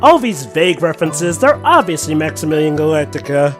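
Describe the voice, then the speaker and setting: Theatrical let's-play lead; sarcastic, lively pitch, soft music under. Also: fairly quick. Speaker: game player voicing the defense attorney. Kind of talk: playful let's-play banter.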